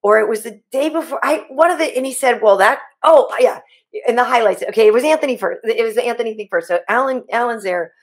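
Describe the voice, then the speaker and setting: A woman hosting a casual podcast, telling a laughing story in quick, animated bursts. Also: a little high. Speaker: podcast host and sports anchor. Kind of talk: casual chat.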